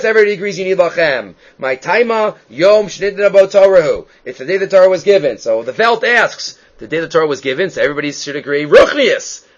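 A man teaching a Talmud class as a rabbi, lecturing emphatically, his voice jumping up and dropping down to stress points. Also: on the high side. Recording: dull lo-fi recording.

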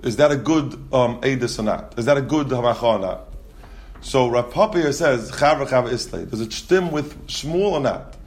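A man's voice: medium pitch, moderate pace. Man teaching a Talmud class. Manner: reads Aramaic text aloud and explains it in English, with frequent restarts.

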